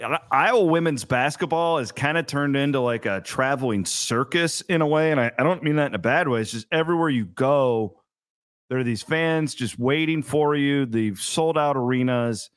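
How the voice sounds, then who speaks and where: This is an enthusiastic middle-aged man, chatting as a podcast host. His voice sits at an ordinary pitch and sounds close and dry, with no room echo. He keeps things casual and eager. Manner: enthusiastic, upbeat questioning. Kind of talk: casual interview chat.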